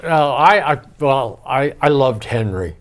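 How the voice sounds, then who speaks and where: An older man hosting a casual chat, telling jokey stories in an animated way. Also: mid-range voice, unhurried. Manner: animated, joking storyteller. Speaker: host.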